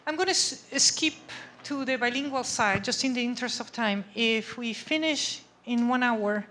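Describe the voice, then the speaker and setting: A woman's voice: fairly high pitch, moderate pace, fairly bright tone, a little hiss or hum. A woman giving an academic lecture in a conversational way, often checking in with her audience. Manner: conversational, checks understanding with frequent "okay?" and "right?". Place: lecture room.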